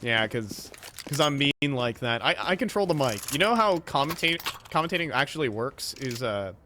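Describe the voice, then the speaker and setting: A man calling a live esports match with quick, playful, teasing banter. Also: medium pitch, very animated, background noise. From North America. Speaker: esports commentator. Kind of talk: live play-by-play commentary.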